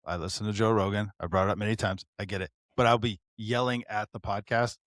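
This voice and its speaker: A man co-hosting a casual podcast. He tells stories in an animated way, rants with swearing, and acts out the lines he quotes. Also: on the low side, fast talker, dry recording, studio quality. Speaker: podcast co-host. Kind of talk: casual chat.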